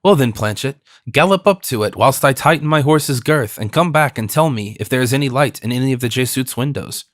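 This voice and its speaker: A man reading the part of a bold, quick-tempered young Gascon swordsman in an audiobook, defiant and mocking. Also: medium pitch, lively intonation, fairly bright tone, dry recording, clean studio sound, lightly acted. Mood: wry.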